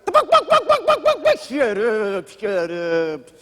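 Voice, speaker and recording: An actor playing a wisecracking old-time vaudeville comedian in a stage musical, hammy and full of silly noises. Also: male voice, high-pitched, normal speed, a bit bright, slight background noise. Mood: joking. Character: brash old-time male vaudeville stand-up comic. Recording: stage recording with long hall reverb.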